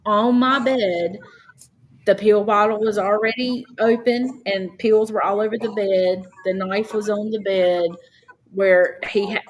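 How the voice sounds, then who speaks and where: A woman's voice: mid-range voice, fairly even intonation, unhurried, poor audio. A woman, a podcast guest earnestly recounting a personal story and quoting others at length. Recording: faint background noise.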